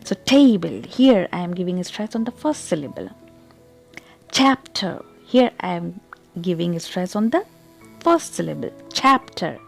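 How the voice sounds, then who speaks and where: Speaking at a fairly low pitch with a darkish tone, a woman walks through English pronunciation in an online tutorial. Her explanations are careful and measured, and she gives the sample words distinct stress.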